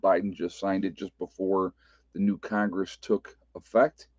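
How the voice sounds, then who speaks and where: Deep-voiced and flat in delivery, a man with an Appalachian American accent runs a casual livestream at a slightly slow pace. The recording is dry, dull lo-fi webcam audio, and he talks loosely, laughing a lot and restarting sentences.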